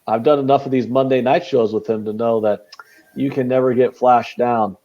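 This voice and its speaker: A man's voice: mid-range voice, steady tone, moderate pace, warm tone. Male betting-show host, teasing and self-deprecating, over dull stream sound. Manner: joking, self-deprecating banter. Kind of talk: casual live betting stream chat.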